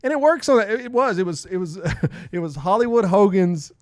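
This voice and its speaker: A middle-aged man co-hosting a podcast in casual chat, emphatic and quick to laugh. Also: high voice, lively intonation, no echo, clean studio sound. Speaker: podcast co-host.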